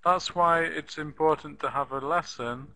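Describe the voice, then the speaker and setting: A man teaching an elementary English lesson online, speaking slowly and patiently, repeating words and spelling them out letter by letter. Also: a little high, pushed and bright, poor audio.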